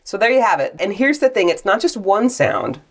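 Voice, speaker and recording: A woman's voice: medium pitch, sing-song, a little fast. A woman co-hosting a podcast in casual chat, telling stories with animation, laughter and swearing. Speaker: podcast co-host. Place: closet in a cottage. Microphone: portable mic.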